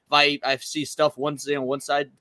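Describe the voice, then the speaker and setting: A man guest in a casual chat, talking quickly and tripping over repeated words. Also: fairly high pitch, completely flat delivery, bright, forceful tone, dry recording. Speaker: guest, video channel host. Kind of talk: casual talk-show chat.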